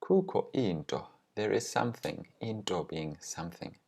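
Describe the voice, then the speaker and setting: A man teaching language grammar, explaining with example phrases and pronouncing them slowly and carefully. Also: lowish voice, animated, gravelly, a little mellow, slightly rough.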